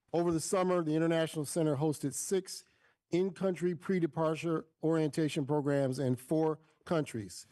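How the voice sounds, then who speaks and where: A man with a fairly high, mellow voice reads a prepared report to a university board. His delivery is smooth and steady, and the sound is dry and close, with no room echo. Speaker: vice president for student life. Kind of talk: prepared report read aloud.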